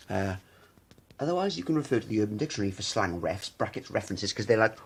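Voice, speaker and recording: Man, rambling profane rant, husky and very animated in pitch. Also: a little fast. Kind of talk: casual rant to camera.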